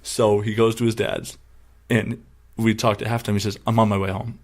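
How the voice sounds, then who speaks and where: On a casual sports podcast, a young male co-host tells stories and loudly acts out his friends' lines, swearing plenty. His voice is fairly low and moves at a normal speed.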